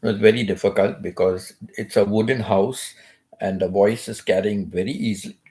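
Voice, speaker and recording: Older male vlogger, somewhat low voice, rambling and repetitive, amused at his own stories. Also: steady tone, normal speed, warm tone. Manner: repetitive, chatty, laughs at himself. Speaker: channel host. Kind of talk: casual vlog talk. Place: wooden house.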